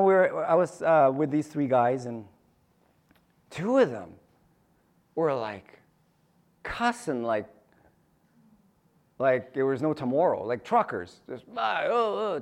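A man preaching a sermon in a conversational, storytelling way, often asking his listeners questions and repeating phrases for emphasis. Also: mid-range voice. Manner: repeats phrases, restarts sentences.

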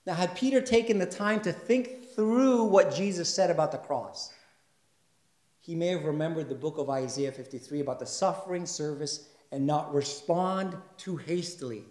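A male pastor delivers a sermon in a conversational style and keeps checking in with his listeners. His voice sits a little high, and it swells into loud, emphatic stretches. The recording has a roomy echo. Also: normal speed. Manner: conversational, asks the congregation questions; builds to loud, emphatic passages. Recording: echoey room.

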